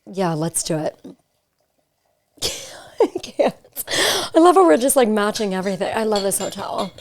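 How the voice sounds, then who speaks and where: A woman's voice: mid-range voice, sing-song, a little slow, a little mellow, a little hiss or hum. A young woman hosting a podcast, talking in a chatty, giggly way full of fillers, recorded in a hotel suite. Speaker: podcast host. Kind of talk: casual chat.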